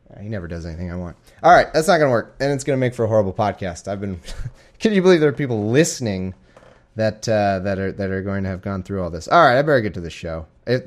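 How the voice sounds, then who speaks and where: A young man hosting a casual home podcast, rambling and self-deprecating, with frequent restarts and asides. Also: lowish voice. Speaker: podcast host. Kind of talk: casual chat and scripture reading. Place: home living room with a cat.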